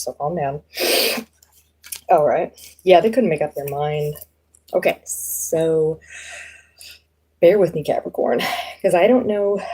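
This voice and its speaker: Chatty low-voiced woman reading tarot. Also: warm tone, breathy edge. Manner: chatty, lots of fillers, laughs easily. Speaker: tarot reader. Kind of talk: live tarot reading, casual chat.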